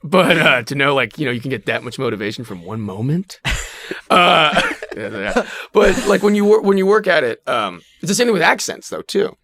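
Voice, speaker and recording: Bright-voiced, animated male impressionist. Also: a little high, moderate pace. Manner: animated, rambling, jokey. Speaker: actor and impressionist, podcast guest. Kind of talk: casual chat.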